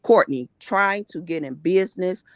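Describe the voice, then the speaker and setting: A woman's voice: on the low side, normal speed, no echo, studio quality. A woman co-hosting a casual recap chat, blunt and opinionated. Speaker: co-host.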